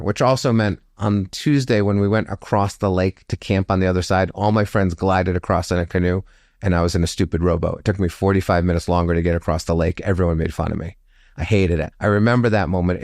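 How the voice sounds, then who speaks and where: A low-voiced man in his fifties tells a personal story with animated flair. He acts out the people he quotes by jumping up in pitch, then settles back into reflective commentary. The sound is close and dry. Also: no echo. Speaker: storytelling guest. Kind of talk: telling a personal story in an interview.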